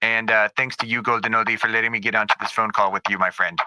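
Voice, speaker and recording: A man's voice: on the low side, little pitch movement, fast talker, pushed and bright, clear, resonant tone, no echo, rough recording. A man doing a half-hearted impression of a boastful male politician. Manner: admits he cannot do the voice, half-hearted.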